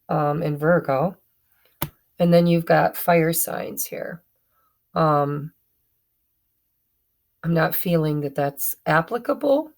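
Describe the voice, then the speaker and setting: Woman, tarot reader, casual reading to camera, low-ish voice, slow, chatty. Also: vocal fry, darkish tone. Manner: chatty, stumbling, self-correcting.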